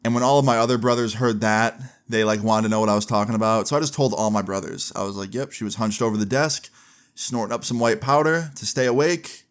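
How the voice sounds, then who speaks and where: A man's voice: lowish voice, fast, clean tone. A young man in a casual storytime vlog, chatty and candid, filling his sentences with "like" and swearing freely. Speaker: vlogger.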